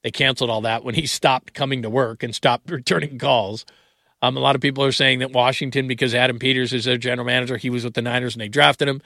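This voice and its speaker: A man's voice: medium pitch, steady tone, quick pace, creaky, sharp tone, dry recording. A man hosting a late-night call-in sports radio show in a studio, chatting casually and rambling into asides. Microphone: studio broadcast mic.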